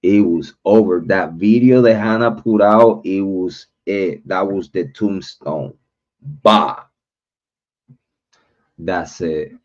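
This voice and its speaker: A man's voice: sits low, unhurried, hardly any pauses, darkish tone. A man hosting a livestream, ranting bluntly and cursing a lot as he calls people out. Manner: blunt, profane call-out talk. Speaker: livestream host. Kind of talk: livestream rant. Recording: dull lo-fi livestream audio.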